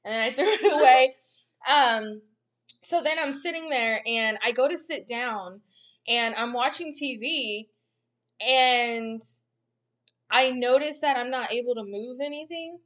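A woman's voice: high-pitched, a little slow, fairly bright tone. A young woman telling a story in a casual podcast chat. She laughs often and acts out the quotes.

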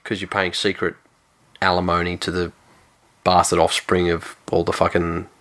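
A man's voice: sits low, completely flat delivery, normal speed, fairly bright tone. A man, co-hosting a sports podcast with dry, teasing, hesitant chat. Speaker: podcast co-host.

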